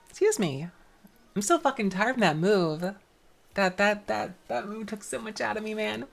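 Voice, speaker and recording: A woman's voice: medium pitch, expressive, a little slow, creaky, long pauses, faint music behind. A woman live-streaming a game, chatting casually, swearing and reading the game's lines aloud.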